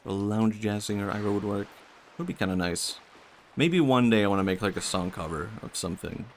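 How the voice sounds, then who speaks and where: A young man with a Swedish accent and vocal fry, chatting softly and musing aloud while streaming a game. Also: on the low side, fairly quick, a little hiss or hum. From Sweden. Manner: soft-spoken, musing, talks to chat. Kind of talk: casual game-stream chat.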